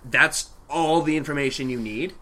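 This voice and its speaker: A man's voice: a little high, moderate pace, pushed and bright. A man co-hosting a podcast, chatting casually and rambling about movies, often laughing. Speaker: podcast co-host.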